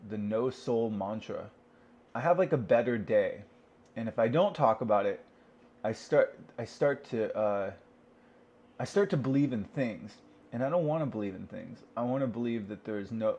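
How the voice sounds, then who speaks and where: A man's voice: medium pitch, a little mellow. A man venting in a rambling solo rant at home, asking and answering his own questions and swearing freely. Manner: rambling, profane, talks to himself. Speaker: vlogger. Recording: dull lo-fi recording.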